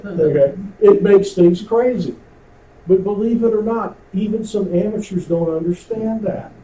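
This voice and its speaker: An amateur radio instructor with a high-sitting, dark-toned voice speaks at a measured pace as he teaches a radio communications class at a club meeting. He lectures conversationally and quizzes the room with questions. The recording sounds roomy and distant, with faint hiss.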